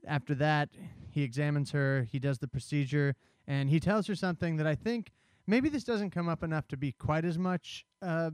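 A man's voice: on the high side, moderate pace, few pauses, darkish tone, clean tone, dry recording. A man co-hosting a podcast, casually recapping and discussing a film's plot at length. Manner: conversational, explains plot at length. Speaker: podcast co-host summarizing a film.

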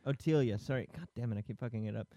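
A man's voice: mid-range voice, racing, warm tone, no room sound, studio quality. A man co-hosting a podcast who chats casually about a film, swearing and joking at his own slips. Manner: swears freely, jokey and self-deprecating. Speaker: podcast co-host.

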